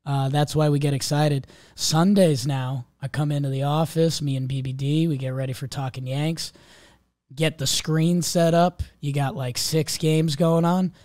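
Hoarse man, sports podcast host, dry close sound, slightly high voice. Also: fairly even intonation, normal speed, darkish tone, no echo. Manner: jokey, drops into gravelly impressions. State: hoarse, lost voice. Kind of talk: casual sports chat.

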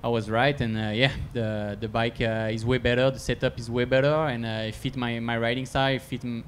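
Male racer, mid-pitched, halting press-conference answers, faint background noise. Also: level tone. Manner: halting, many filler sounds, uneven phrasing.

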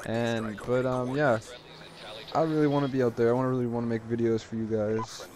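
A man giving casual, rambling gameplay commentary, excitably retelling his moments in the match. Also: mid-range voice, fairly quick, crowd noise. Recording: noisy game audio underneath. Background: game sound effects.

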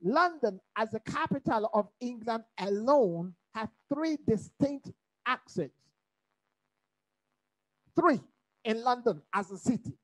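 A woman teaching a Bible study in preaching style, lively and humorous, asking the listeners to fill in her words. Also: a little high, takes it slowly, long pauses, rough recording. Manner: rhetorical call-and-response questions; lively, humorous, mimics accents.

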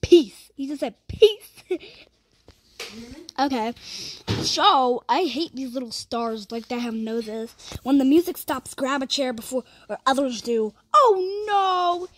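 A woman commentating casually on her own gameplay, excitable, reading game text aloud between squeals and laughs. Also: high-pitched, measured pace, a little hiss or hum. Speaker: gamer commentating her play.

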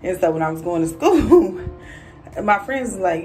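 A woman, chatting casually to camera in a vlog, a bit out of breath, with lots of fillers and animated quoted voices. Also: fairly low pitch, brisk, recorded from a distance, poor audio. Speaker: vlogger. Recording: voice a little off-mic, faint music.

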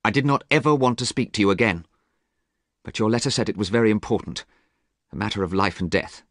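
A man voicing a proud young scientist who is scornful and unwilling, speaking in sharp, indignant tones. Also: fairly low pitch, quick pace, dry recording, studio quality, pitched above the performer's own voice.

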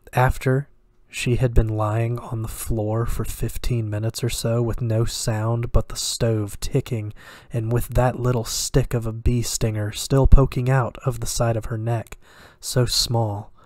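A quiet, cruel devil, voiced by a man reading a horror tale, who savours each word in a slow, hushed purr. The delivery stays level and narrow in pitch, menace held under the breath. The sound is dry and close, with no room around it. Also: dry recording, lightly acted. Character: soft-spoken sinister male devil, teasing and cruel.

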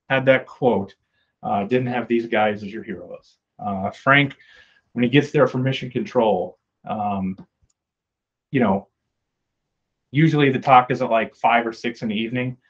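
A man's voice: medium pitch, measured pace, pauses often. Midwestern man telling anecdotes, lo-fi sound. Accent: American Midwest. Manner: anecdotal, acts out quoted dialogue; frequent fillers, conversational. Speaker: guest speaker. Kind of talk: casual storytelling talk.

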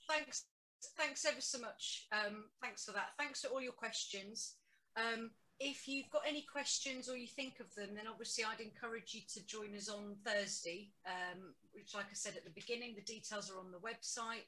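A woman's voice: medium pitch, fairly even intonation, bright, forceful tone, a little hiss or hum, low-quality recording. Friendly woman chairing an online meeting. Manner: friendly, thankful, brisk. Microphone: video call mic.

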